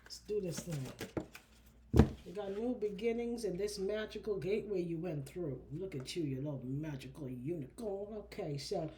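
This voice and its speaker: A woman with a low voice gives a casual oracle card reading, chatty and animated, calling her listeners honey and baby. A faint hum sits behind her. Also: normal speed.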